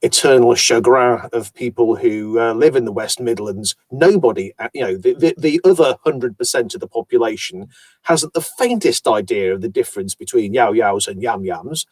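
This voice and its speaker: A man from Yorkshire, an audiobook narrator, chatting about his voice work in an animated storytelling manner. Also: medium pitch, normal speed, no echo. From Yorkshire, England. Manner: animated, chatty storyteller who slips into accents. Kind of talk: casual conversation about voice work.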